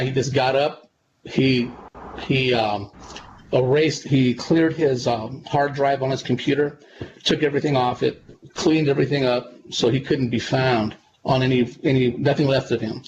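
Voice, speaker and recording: A man, a psychic medium guest on a radio interview, telling stories in a relaxed, rambling way and repeating himself. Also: medium pitch, moderate pace. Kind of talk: conversational radio interview storytelling. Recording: dull lo-fi sound with clear background noise.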